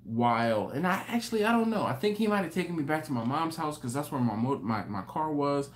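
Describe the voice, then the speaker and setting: A man hosting a live stream, telling a story in an animated, rambling way with many restarts. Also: a little high, brisk. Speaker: host. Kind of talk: casual live-stream chat.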